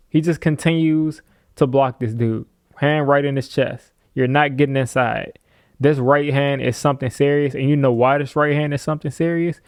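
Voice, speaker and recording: Guy breaking down football tape, goofy trash talk, mid pitch, dry close sound. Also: no echo. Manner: animated, playful trash-talk asides with chuckles. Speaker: football film analyst. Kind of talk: casual film breakdown commentary.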